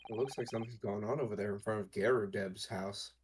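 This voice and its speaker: A man voicing an earnest young male lawyer in a video game, speaking plainly and calmly in his own voice, as a casual fan read-along. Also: on the low side, fast, noisy background, close to an everyday voice.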